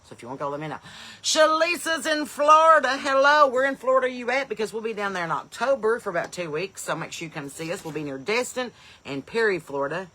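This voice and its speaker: Bright, chatty woman. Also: a little high, expressive, fast. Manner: chatty, calls out place names loudly and eagerly. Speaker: comedian and podcast host. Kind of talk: live-stream chat, greeting viewers.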